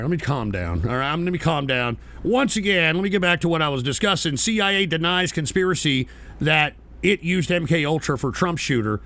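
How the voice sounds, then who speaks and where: A man's voice: fairly high pitch, fairly bright tone. A man hosting a live political stream, talking in a heated, profane rant aimed at his chat viewers.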